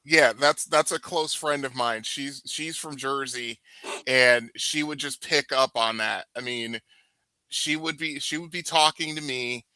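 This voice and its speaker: A man co-hosting a casual gaming chat show, laughing easily and telling a story in quick asides. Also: medium pitch, bright, forceful tone, clean tone, dry recording. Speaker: podcast co-host and dungeon master.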